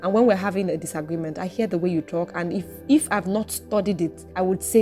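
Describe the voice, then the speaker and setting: A woman hosting her own podcast, talking straight to listeners in an outspoken, expressive, preaching way. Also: on the low side, fast talker, hardly any pauses, soft background music. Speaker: podcast host. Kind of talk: reflective solo podcast monologue.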